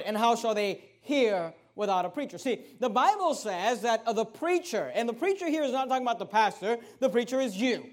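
A man with a high voice preaches a Bible study sermon to his congregation. He is emphatic, repeats key phrases and keeps asking his listeners whether they see the point. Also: animated, fairly quick, few pauses. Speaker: pastor.

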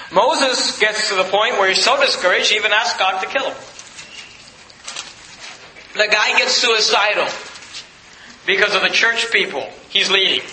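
High, bright-voiced preaching man. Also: slight background noise. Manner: preaching with rising emphasis, quoting scripture. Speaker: pastor. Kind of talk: sermon. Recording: echoey hall.

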